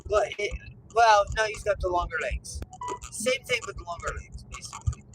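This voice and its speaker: A woman in her fifties, a grandmother, chatting casually about her family's dogs, rambling and halting with many fillers and restarts. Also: mid-range voice, fairly bright tone. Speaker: grandmother telling family stories. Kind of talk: casual storytelling chat. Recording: noisy with vehicle and background hum.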